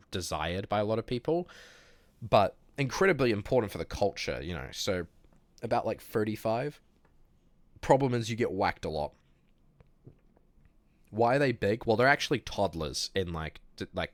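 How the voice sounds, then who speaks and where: Male streamer, low voice, dry close sound, casual and rambling, unwell. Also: no echo. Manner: rambling, jokey, many fillers and restarts. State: sick. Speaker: livestream host. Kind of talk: casual chat reading viewer messages.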